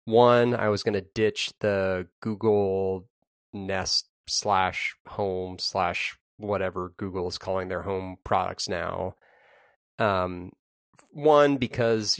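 Male co-host, low gravelly voice, dry wry delivery, home recording with no reverb. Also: steady tone, slow. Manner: dry, wry humor, stammering starts. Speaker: podcast co-host. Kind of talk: casual chat. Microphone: laptop recording setup.

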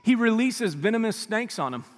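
A male pastor with a notably high voice preaches in a relaxed, conversational way, now and then sinking into a hushed near-whisper to drive a point home. His voice rings through a large church hall with a long, trailing reverb. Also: normal speed. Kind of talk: sermon. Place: church sanctuary.

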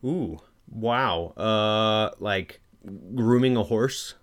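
A man's voice: on the low side, drawn-out words. A man in casual chat as podcast cohost, tossing in playful jokes and short reactions. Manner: joking, playful interjections.

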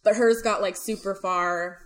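A woman's voice: mid-range voice, fairly even intonation, a little slow, fairly bright tone. A young woman co-hosting a podcast, chatting casually with lots of fillers and swearing. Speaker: podcast co-host. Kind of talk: casual chat.

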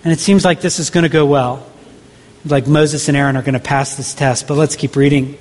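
A man's voice: a little high, steady tone, fairly quick, a little mellow. A man who is a pastor preaching a sermon in a church, talking conversationally with rhetorical questions and frequent restarts. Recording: long reverb of a large hall.

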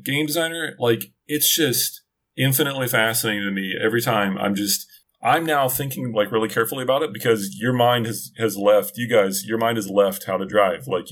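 Speaking in a mid-range, somewhat bright voice, a middle-aged man tells a lengthy story during a casual podcast conversation. His rambling style is full of self-interruptions, restarts, and side remarks.

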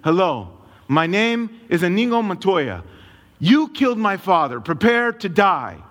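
A pastor doing Inigo Montoya, hammy accent. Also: male voice, high voice, sing-song, unhurried, a bit bright, full character voice. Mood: menacing. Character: vengeful swordsman seeking his father's killer, mock accent. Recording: long hall reverb.

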